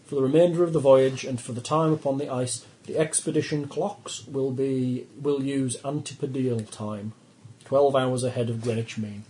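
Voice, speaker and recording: A man's voice: medium pitch, steady tone, normal speed, dark tone, slight background noise, close to an everyday voice, rough recording. A man voicing a professor leading a polar expedition, briefing the crew in a formal, lecturing way. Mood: measured.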